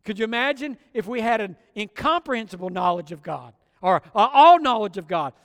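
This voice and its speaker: A male pastor preaching a fervent sermon, slowing down and swelling on key phrases. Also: high-pitched, lively intonation, creaky, a bit bright, in a large hall. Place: church sanctuary.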